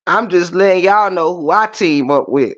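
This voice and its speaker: A man talks to his livestream viewers in an animated, preachy way. His voice sits high for a man. The stream audio sounds muffled and lo-fi. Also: normal speed. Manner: animated preachy talk, addresses viewers directly. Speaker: livestream host. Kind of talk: casual livestream chat.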